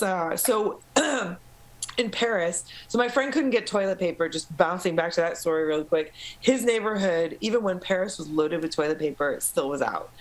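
American woman, swears a lot, animated storytelling, casual podcast chat. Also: lowish voice, low-quality recording. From United States. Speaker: podcast guest. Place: lives in Paris suburbs.

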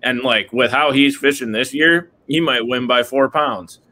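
Bright-voiced man in casual fishing chat. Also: medium pitch, unhurried, a little hiss or hum. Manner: rambling, heavy on "like" and "dude". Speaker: podcast co-host.

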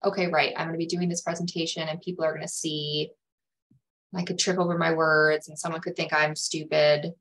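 A woman's voice: low voice, little pitch movement, a little fast, a bit bright, a little hiss or hum, low-quality recording. A woman career coach giving a webinar talk on self-talk, earnest, sometimes acting out anxious inner voices. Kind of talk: webinar presentation.

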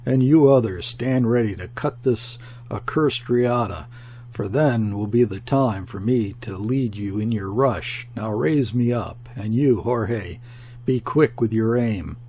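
A man's voice: on the low side, unhurried, darkish tone, a little hiss or hum. A man voicing a proud soldier crushed under a cannon, strained and commanding. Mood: urgent, commanding.

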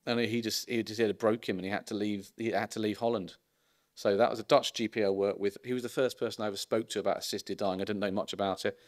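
A middle-aged man lectures like a doctor swapping stories with colleagues. His voice sits on the low side, and he drifts through anecdotes with dry, ironic asides and plenty of ums between thoughts. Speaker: consultant geriatrician giving a public lecture. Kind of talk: informal public lecture.

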